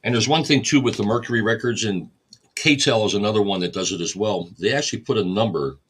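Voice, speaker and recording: A man's voice: deep voice, fairly bright tone, breathy edge. A man hosting a record store livestream, casually explaining each step while he catalogs vinyl. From United States.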